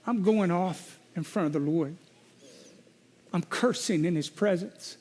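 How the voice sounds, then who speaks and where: A middle-aged male pastor delivers a sermon built around a personal story, swinging between loud venting and quiet reflection. His voice is high and his pace measured.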